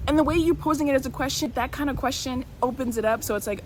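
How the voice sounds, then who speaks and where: A woman talking casually in a reading vlog, chatty and expressive, with plenty of fillers and restarts. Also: high-pitched, fast talker, hardly any pauses, a little hiss or hum. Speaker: book vlogger.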